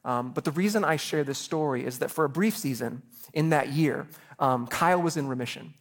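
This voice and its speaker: Earnest pastor, slightly higher voice. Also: male voice, a little fast. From Chicago area. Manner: earnest, personal, repeats words when starting phrases. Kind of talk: sermon.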